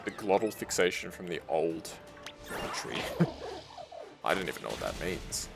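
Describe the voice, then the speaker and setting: A man's voice: sits low, sing-song, normal speed, vocal fry, over music. A young Australian man, a streamer casually chatting with his live chat while gaming, reading messages aloud and laughing often.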